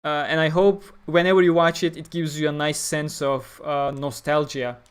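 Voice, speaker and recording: Smooth and fairly high-pitched, with a level tone and moderate pace, this man from Turkey reads his livestream chat and responds bluntly. He's opinionated and casual, filling his reasoning with fillers.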